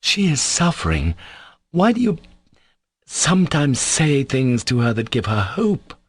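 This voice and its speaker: A man voicing a timid, warm-hearted young man in an audiobook, speaking softly and earnestly. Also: medium pitch, very animated, normal speed, slightly rough, no echo. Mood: pleading. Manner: soft, pleading, earnest delivery. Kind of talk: audiobook character voice.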